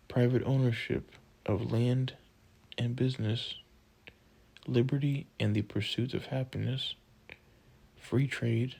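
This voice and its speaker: A man narrating a textbook audiobook, reading list items in a slow, measured way. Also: medium pitch, vocal fry, darkish tone, husky, low-quality recording.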